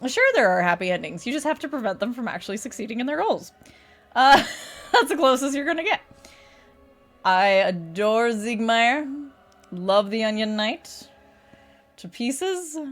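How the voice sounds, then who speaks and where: Young woman streamer, casual chat, slow easygoing pace, laughs and swears freely. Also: a little high, animated, fairly bright tone. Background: faint music.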